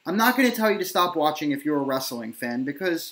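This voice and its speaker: A man's voice: fairly high pitch, expressive, fairly quick, a bit bright. A man from New York hosting a casual wrestling debate, emphatic and opinionated, talking in long runs. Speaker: podcast host.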